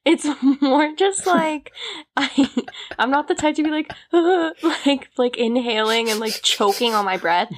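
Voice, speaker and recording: A woman's voice: sits high, measured pace. A young woman chatting casually as a co-host, telling stories with frequent giggles and "like" fillers. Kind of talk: casual chat.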